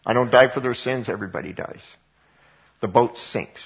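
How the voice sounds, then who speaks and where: A man's voice: mid-range voice, lively intonation, normal speed, creaky, husky, muffled recording. A male pastor preaching a conversational sermon to his congregation, full of rhetorical questions. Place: church sanctuary before a congregation.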